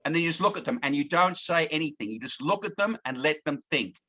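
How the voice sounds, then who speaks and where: A man's voice: a little high, lively intonation, fairly quick, pushed and bright. A man giving a sales training talk to a team, often stopping to check in with "okay?" and repeating words as he goes. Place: lives in Thailand, now in Australia.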